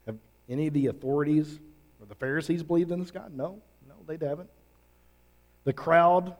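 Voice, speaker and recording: A man preaching a sermon, earnest and emphatic, with drawn-out pauses. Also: a little high, darkish tone. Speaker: pastor.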